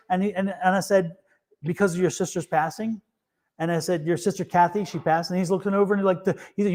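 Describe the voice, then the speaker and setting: High-voiced, rambling male tarot host. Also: fairly even intonation, a little fast, darkish tone. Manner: rambling storyteller with many restarts and fillers; laughs easily. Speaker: tarot reader and show host. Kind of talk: casual live-stream chat.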